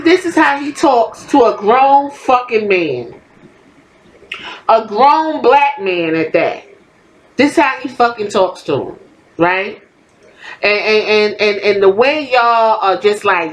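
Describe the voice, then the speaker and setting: A woman's voice: on the high side, expressive, a little slow, a little hiss or hum, rough recording. A woman hosting a podcast, delivering a heated, profane commentary rant in a blunt, fiery way. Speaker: podcast host.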